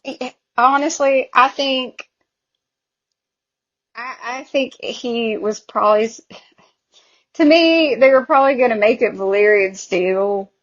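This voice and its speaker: A woman's voice: on the high side, slow, pauses often, muffled recording. A woman with a Southern US accent co-hosting a podcast, chatting casually about a TV show with exasperated asides. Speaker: podcast co-host. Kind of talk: casual chat recapping a TV show.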